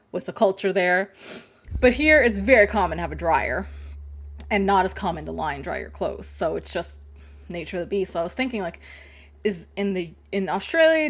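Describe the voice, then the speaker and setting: A young woman chatting on a live game stream, rambling, laughing and swearing casually. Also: lowish voice. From North America.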